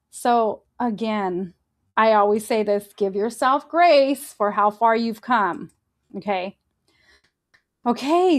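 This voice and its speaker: Brief: middle-aged woman, slightly high voice, faith podcast host, lively and laughing. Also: unhurried. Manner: animated, laughs often, acts out inner voices. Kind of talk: faith-based motivational talk.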